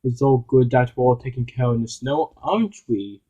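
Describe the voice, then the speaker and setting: A man's voice: mid-range voice, normal speed, warm tone, slightly rough, lo-fi sound, natural voice. A man voicing a fussy, lecturing male engine in a homemade toy-train story. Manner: prim, lecturing.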